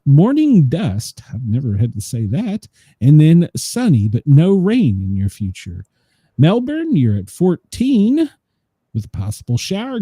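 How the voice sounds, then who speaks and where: A man runs through headlines and weather in a loose, rambling way, letting sentences trail off. His voice is very dark and a little husky, and his pitch moves a lot as he talks. The sound is dry and close. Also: no room sound. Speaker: co-host of a daily news show. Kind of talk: casual news and weather chat.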